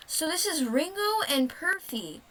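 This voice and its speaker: Chatty high-voiced woman gamer. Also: sing-song, measured pace, pushed and bright, low-quality recording. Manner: rambling, self-correcting, chatty. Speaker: gaming video host. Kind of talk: casual gameplay commentary.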